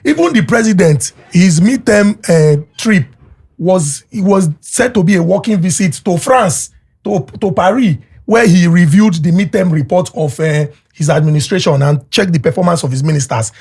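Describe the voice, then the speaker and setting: A young man hosts a podcast conversation. His voice is a bit husky and sits fairly high, and he builds his point calmly, one example after another. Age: young adult. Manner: measured, making a point with examples. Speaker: podcast host. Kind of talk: casual podcast chat.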